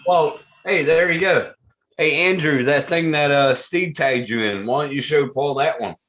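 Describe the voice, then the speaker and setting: A man's voice: on the high side, normal speed, fairly bright tone, roomy sound, a little hiss or hum. A man hosting a casual group video call, telling jokey stories and laughing along. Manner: joking, laughing storyteller. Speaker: channel host.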